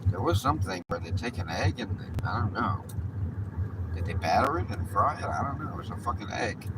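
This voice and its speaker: A man's voice: mid-range voice, expressive, brisk. A man chatting casually and profanely while he drives, rambling and joking. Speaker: livestream host. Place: in a car, then a park. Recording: distant mic with loud road noise.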